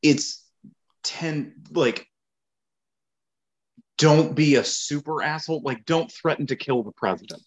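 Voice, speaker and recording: On a low-quality recording, a man with a fairly high voice co-hosts a podcast, chatting casually. He speaks slowly with long pauses, telling stories and acting out the people in them.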